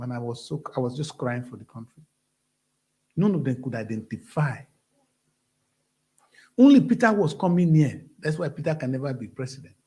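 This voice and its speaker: Fiery Nigerian man, high lively voice. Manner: fiery, preachy, blunt ranting. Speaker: show host. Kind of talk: impassioned monologue.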